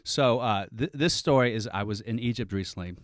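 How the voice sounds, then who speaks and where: A man's voice: mid-range voice, brisk, dry recording. A man in a dry close-mic studio, telling a comic story on a podcast in a rambling, self-interrupting way with frequent restarts.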